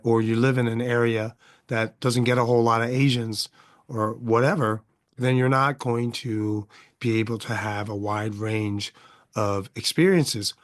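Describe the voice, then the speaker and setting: A middle-aged man hosting his own podcast, talking through a casual monologue full of rhetorical questions and tags of "right?". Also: medium pitch. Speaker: podcast host.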